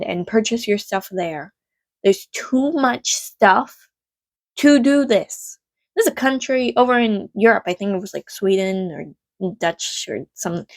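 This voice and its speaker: A woman ranting on her vlog from home, rambling and swearing, swinging from low mutters to loud, exasperated outbursts. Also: dry recording. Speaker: vlogger.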